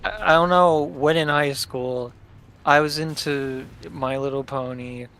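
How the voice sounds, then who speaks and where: A man's voice: a little high, fairly even intonation, measured pace, fairly bright tone. Young man, blunt and chatty streamer. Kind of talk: casual chat on a game stream.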